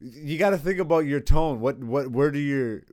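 A man's voice: on the high side, lively intonation, moderate pace, darkish tone, no room sound, studio quality. A man in his thirties hosting a podcast in casual, joking chat, swearing often. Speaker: podcast host.

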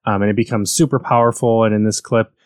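A man's voice: lowish voice, fairly even intonation, fast talker, dry recording, studio quality. An American man chatting casually about video games, rambling and correcting himself as he goes. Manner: rambling, self-correcting, enthusiastic.

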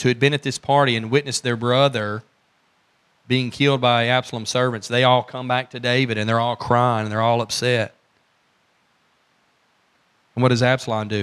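A man's voice: medium pitch, a bit bright, clear, resonant tone. A man, a pastor preaching in church, telling stories in a folksy way and asking his congregation questions. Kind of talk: sermon.

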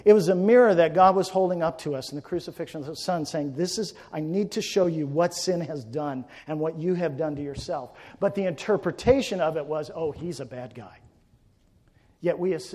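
A male pastor preaching a sermon, swinging between forceful emphatic peaks and quiet hushed passages. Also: a little high, moderate pace. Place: church sanctuary. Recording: long church reverb.

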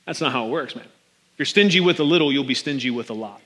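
A man preaching a sermon as pastor, conversational and animated, often calling his listeners "man". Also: on the high side, a little fast, long reverb tail.

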